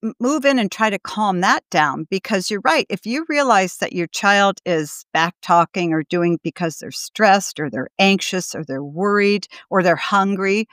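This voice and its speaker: A woman's voice: medium pitch, expressive, unhurried, few pauses, a bit bright, dry recording, clean studio sound. Thoughtful woman hosting a podcast. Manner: thoughtful, searching for words. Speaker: podcast host, doctor. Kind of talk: interview questions.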